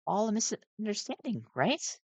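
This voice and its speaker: A man voicing a gentle, nervous robot daycare attendant who speaks softly and formally. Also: sits high, sing-song, normal speed, dry recording, pitched above the performer's own voice, full character voice, poor audio. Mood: reassuring. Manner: soft, hesitant, formal.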